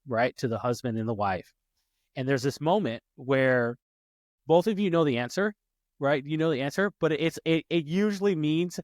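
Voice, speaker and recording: A man's voice: a little high, no room sound. A man in his late twenties, a podcast host in casual chat, telling stories and acting out quotes with a rising voice. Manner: animated, acts out quotes with rising voice.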